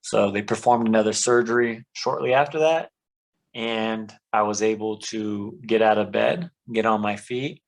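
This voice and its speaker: A man's voice: on the low side, steady tone, moderate pace, creaky, poor audio. Earnest man telling his story. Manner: earnest storytelling, with "um" and "you know". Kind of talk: conversational testimony.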